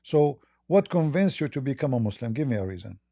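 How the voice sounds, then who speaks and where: A man hosting a live call-in debate, speaking haltingly with repeated words and blunt, probing questions. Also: medium pitch, big pitch swings, dark tone, dry recording, studio quality. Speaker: debate host.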